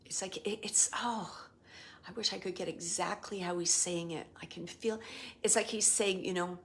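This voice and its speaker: A woman working as a medium, giving a live spirit reading in a soft, halting voice that often drops to a whisper as she searches for words. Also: on the low side, steady tone, slight background noise. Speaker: psychic medium.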